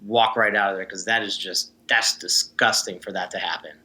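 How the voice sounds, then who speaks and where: This man's fairly low voice has fairly even intonation, a normal pace, and a bright, forceful tone. A former swimmer, he's chatting casually as an interview guest, telling relaxed stories punctuated by frequent laughter.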